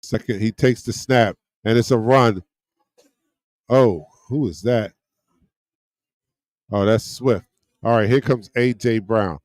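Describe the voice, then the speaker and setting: A man giving casual play-by-play as a fan watch-along host, getting excited on big plays and chatting with viewers and friends. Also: fairly low pitch, slow, pauses often, no echo, studio quality.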